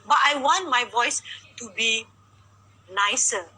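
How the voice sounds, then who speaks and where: A woman's voice: a little high, takes it slowly, bright, forceful tone, slightly rough, poor audio. A woman, a vocal coach talking casually and emphatically in mixed Malay and English, asking rhetorical questions.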